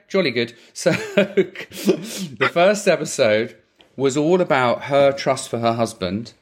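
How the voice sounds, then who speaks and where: A man co-hosting a podcast in casual chat, animated and laughing often. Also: medium pitch. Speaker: podcast co-host.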